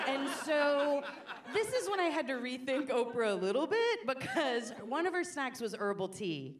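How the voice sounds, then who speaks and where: A woman's voice: a little high, big pitch swings, normal speed, crowd noise. Chatty woman comic on stage, audience laughing. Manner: chatty, self-deprecating, acts out quotes. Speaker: stand-up comedian. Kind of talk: stand-up comedy storytelling. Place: comedy stage before a live audience. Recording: live audience laughter behind.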